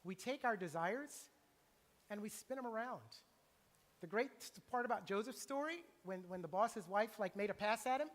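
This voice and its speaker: A middle-aged man preaching a sermon in a church, animated and acting out the voices he quotes. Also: high-pitched, moderate pace. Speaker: pastor. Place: church sanctuary. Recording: long church reverb.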